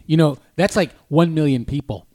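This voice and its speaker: A man's voice: fairly high pitch, normal speed, warm tone, no room sound, studio quality. A man co-hosting a casual comedy podcast, wry and teasing. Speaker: podcast co-host.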